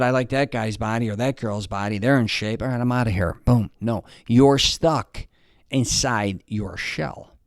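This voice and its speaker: A man's voice: mid-range voice, dry recording, studio quality. A man in his fifties giving blunt, rambling fitness advice straight to camera, swearing freely and restarting his sentences. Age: 50s. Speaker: fitness vlogger. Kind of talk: casual motivational talk to camera.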